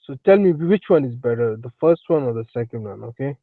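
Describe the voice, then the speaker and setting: A man hosting a casual live stream, rambling slowly and calling out to his viewers by name, on a tinny phone-like recording. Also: mid-range voice, lively intonation, no room sound. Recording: tinny phone-like sound, dry.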